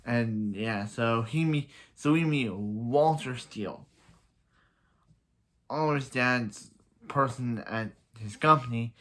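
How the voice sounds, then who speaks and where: A man talking through a show's plot in a loose, rambling way, full of "like" and "so yeah" and quick restarts. His voice sits at an ordinary middle pitch, neither high nor low. The delivery is casual, as if chatting to viewers. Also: a bit bright. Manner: rambling, many fillers and restarts; laughs at own jokes. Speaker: show reviewer. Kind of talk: casual recap and review.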